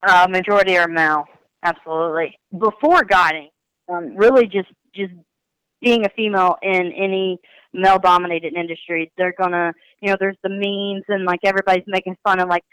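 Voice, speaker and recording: A woman fishing guide speaks candidly in an interview, her voice smooth and crisp. She tells her story in an animated way and acts out the voices of people who comment on her. The sound is dry and close, with no room echo. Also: lowish voice, brisk. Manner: animated, acts out quoted remarks.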